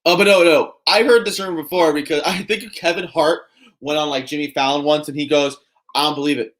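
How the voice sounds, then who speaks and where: A man co-hosting a wrestling watch-along, commenting casually and breaking into loud excited exclamations. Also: a little high, brisk.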